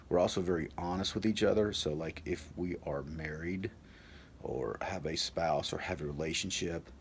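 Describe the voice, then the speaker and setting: Man, storyteller. Very low voice, creaky fry, rambling delivery with lots of fillers. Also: slight background noise. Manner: rambling, fillers like "like" and "you know". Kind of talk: personal storytelling.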